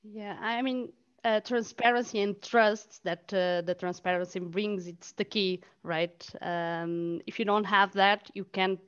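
A woman's voice: medium pitch, steady tone, a little slow, clear, resonant tone. Hesitant woman on a lo-fi call. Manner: hesitant, many fillers and restarts. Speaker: audience participant. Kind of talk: casual online Q&A. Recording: dull lo-fi call audio.

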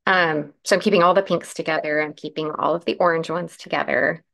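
A woman hosting a live crafting demo, chatting through each step and answering viewer comments, with a croaky morning voice. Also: low voice, steady tone, fairly quick, fairly bright tone. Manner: chatty, explains steps while working, answers comments. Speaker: craft livestream host.

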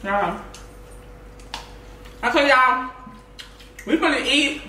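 A woman's voice: sits high, expressive, drawn-out words, bright, forceful tone. A woman hosting a home cooking vlog, chatting casually and in slang straight to her viewers. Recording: roomy, distant mic, faint room noise.

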